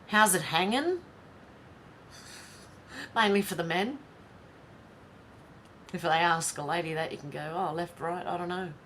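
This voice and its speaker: A woman's voice: on the low side, fairly even intonation, normal speed, long pauses, a bit bright, a little hiss or hum. A woman from Australia with an Australian accent, hosting a live stream in a casual, chatty way, often laughing to herself as she reads out viewer comments. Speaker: livestream host.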